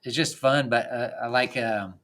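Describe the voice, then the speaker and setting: A man chatting as a guest on a podcast, with a mid-pitched voice. He rambles in an animated way, leaning on filler words and laughing as he goes. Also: normal speed. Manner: animated, rambling, says "like" a lot, laughs often. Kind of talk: casual chat.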